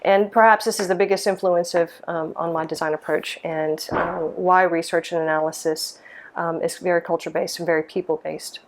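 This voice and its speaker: A woman's voice: lowish voice, fairly even intonation, a little fast. A middle-aged woman from Mississippi, a lighting designer, answering interview questions in a thoughtful way, with many ums and restarts. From Mississippi, USA.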